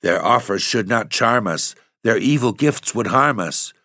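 A man's voice: lowish voice, lively intonation, a little slow, pushed and bright, dry recording, pitched above the performer's own voice, heavily acted. A man voicing a cautious young maiden warning her sister away in an alarmed, firm tone, in a poem reading.

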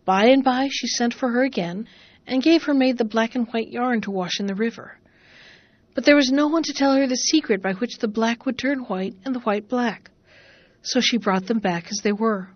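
A woman narrating a fairy tale in a measured, expressive reading voice. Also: a little high, no room sound, highs cut off. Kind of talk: storybook narration.

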